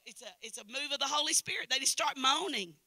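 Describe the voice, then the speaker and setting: Casting: older Southern woman preacher with an East Tennessee accent and a high, piercing voice; emphatic and repetitive, swinging from loud to hushed, recorded dry. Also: fast, no echo. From Knoxville, Tennessee. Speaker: guest preacher. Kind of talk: sermon. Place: church service.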